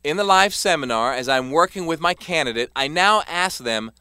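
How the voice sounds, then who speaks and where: Guy reading his self-help book, bright clear voice, pretty dry sound. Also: on the high side, animated, normal speed, no echo. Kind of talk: scripted narration.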